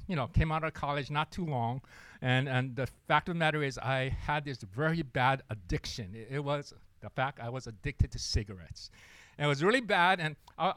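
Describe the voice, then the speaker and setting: A young man preaching a sermon, telling a story in an animated way and acting out the people in it. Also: on the high side, no room sound. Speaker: pastor.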